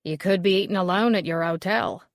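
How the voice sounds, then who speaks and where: A woman's voice: fairly low pitch, fairly quick, no room sound, studio quality, lightly acted. Woman doing a cheeky mocking man.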